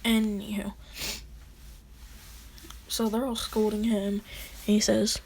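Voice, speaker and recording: A woman's voice: medium pitch, flat delivery, slow, creaky, long pauses, a little mellow, a little hiss or hum. A woman casually telling a fan scenario in rambling, slangy narration full of fillers.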